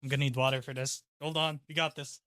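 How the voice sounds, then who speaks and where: A male streamer chatting casually to viewers on a live stream, excitable and loud, swearing and laughing often. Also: medium pitch, quick pace, smooth, no room sound, studio quality.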